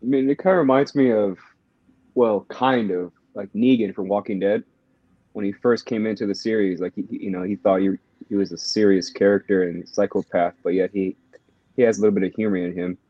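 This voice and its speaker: A man's voice: on the low side, steady tone, a little fast, dry recording. A man co-hosting a casual chat, giggly and easygoing, recorded on a dull, dry lo-fi mic. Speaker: podcast co-host.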